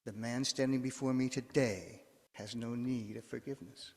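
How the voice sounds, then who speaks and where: A man voicing the Buddha as a calm, wise old teacher, speaking gently and in measured phrases. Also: medium pitch, close to an everyday voice. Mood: serene. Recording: long echo of a church hall.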